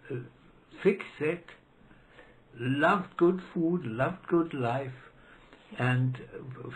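A man's voice: on the high side, slight background noise, low-quality recording. Man in his nineties. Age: 90s. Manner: hesitant, with many fillers and restarts. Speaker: interviewee, retired law professor. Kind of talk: reminiscing interview. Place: library room.

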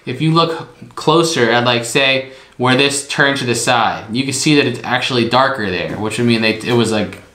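A man's voice: mid-range voice, moderate pace, sharp tone. A man hosting a casual vlog about items from a storage unit, talking in a rambling way full of hedges and "like". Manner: rambling, hedging with lots of "like". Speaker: storage unit reseller host. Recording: echoey room with faint noise.

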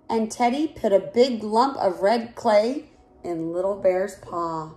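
A woman reading a children's picture book aloud in a clear, expressive way. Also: mid-range voice, slow pace, a little hiss or hum. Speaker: storyteller.

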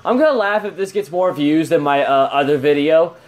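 A man's voice: on the high side, fairly quick, a little mellow. A young man hosting his channel, chatting casually while playing a game and laughing often in playful banter. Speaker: channel host and gamer. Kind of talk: casual gaming commentary.

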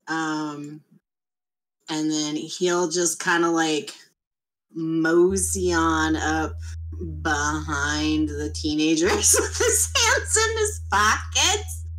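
A woman player in a tabletop game, giggly and animated as she describes her character. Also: sits low, very slow, rough recording. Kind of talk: tabletop role-play chat.

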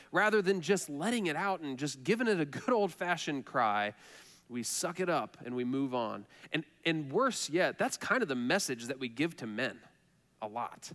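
A man's voice: fairly high pitch, a bit bright. A man preaching a sermon as pastor, earnest and conversational, repeating phrases for emphasis. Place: church sanctuary. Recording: reverberant church hall.

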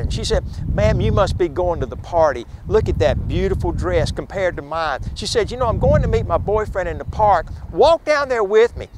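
A man's voice: high-pitched, a little hiss or hum. A man guiding a ghost tour outdoors, retelling a witness's story with dramatic flair and acting out the voices of the people in it.

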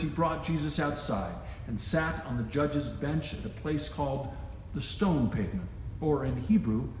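A man's voice: fairly high pitch, a little mellow. A man reading scripture aloud at a worship service, raising his voice for the quoted lines. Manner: raises his voice for quoted speech. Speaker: scripture reader. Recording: echoey church with long reverb, faint hiss.

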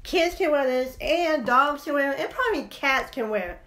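A woman sells jewelry on a live stream, chatting casually in a high, expressive, slightly bright voice at normal speed. She's playful and sing-song, rambling on chattily.

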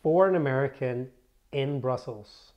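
A man's voice: medium pitch, unhurried, dull audio. Curious man co-hosting a chat. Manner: curious, asks questions. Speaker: co-host. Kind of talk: casual chat.

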